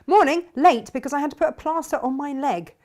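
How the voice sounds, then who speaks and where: A woman's voice: high voice, a little fast, a little mellow. A middle-aged woman hosting a casual live fabric shop stream, chatting, reading out viewer comments and laughing often.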